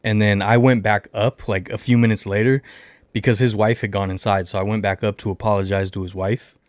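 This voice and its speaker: A young adult man hosting a casual livestream, telling a long rambling story with lots of filler and animated retellings. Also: lowish voice, brisk, dry recording, clean studio sound. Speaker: livestream host.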